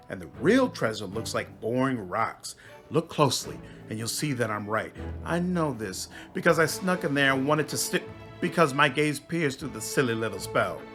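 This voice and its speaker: A man's voice: medium pitch, bright, forceful tone. A man voicing a vain female swamp demon queen who is petulant, whiny and awkwardly flirtatious.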